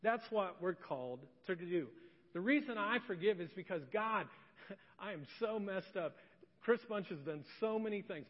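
A middle-aged man preaching as a pastor, conversational and joking, moving between loud emphasis and soft emotional storytelling. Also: high voice. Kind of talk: sermon with personal story. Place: church sanctuary. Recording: distant echoey hall, dull sound.

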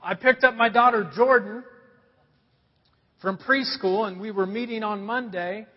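A man's voice: high-pitched, steady tone, a little slow, big-room sound, lo-fi sound. A man preaching a sermon, telling stories in a conversational way and asking the audience questions. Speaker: pastor.

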